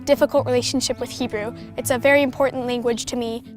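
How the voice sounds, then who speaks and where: A teenage girl with a high, light voice performs spoken word poetry in a soft, earnest, lyrical way. Clear music plays under her voice throughout. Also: fairly even intonation, quick pace. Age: teens. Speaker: youth poet.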